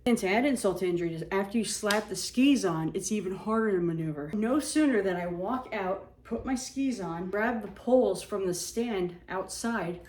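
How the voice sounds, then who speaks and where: A woman tells a comic story about herself in a loose, animated way. Her voice sits in a middle range. The room around her adds a noticeable echo. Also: medium pitch, far from the mic. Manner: animated, self-mocking, acts out shrieks. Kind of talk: casual storytelling. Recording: echoey room.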